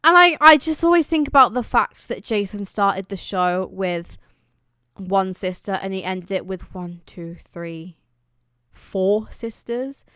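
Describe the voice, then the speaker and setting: A young British woman talks straight to camera in a chatty, dramatic way, piling on playful exaggeration. Her voice is smooth and clear, and the dry, close recording carries no room sound. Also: mid-range voice, expressive, a little slow, fairly bright tone, no echo. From Britain. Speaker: vlogger. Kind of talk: casual chat.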